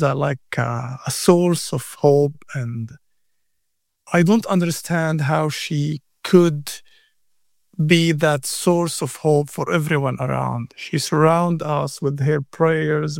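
Slow, gravelly man. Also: fairly high pitch, darkish tone, no room sound, studio quality. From Gaza. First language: Arabic. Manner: halting, repeats words, earnest. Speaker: interview guest. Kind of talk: emotional interview answer.

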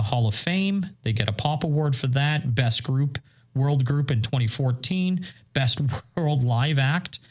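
Podcast co-host, a man from Northern Ireland, mid-pitched voice, casual and enthusiastic, rambles with ums. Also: a little mellow. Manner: chatty, enthusiastic, rambling with fillers. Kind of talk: casual chat.

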